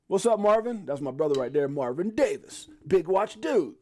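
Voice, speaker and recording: A man hosting a casual live stream, excitable and joking, often exclaiming as he runs through prices. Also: high voice, normal speed. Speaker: crypto live stream host.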